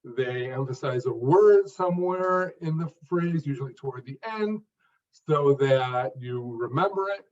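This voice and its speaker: A man answering interview questions in a measured, earnest way, speaking phrase by phrase with pauses. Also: medium pitch, expressive, darkish tone. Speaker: guest, stuttering coach. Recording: distant, dull lo-fi audio.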